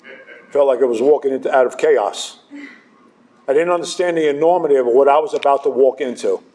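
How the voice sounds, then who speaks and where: A man's voice: medium pitch, brisk, dark tone. A middle-aged man sharing his recovery story with a live audience, conversational and self-deprecating.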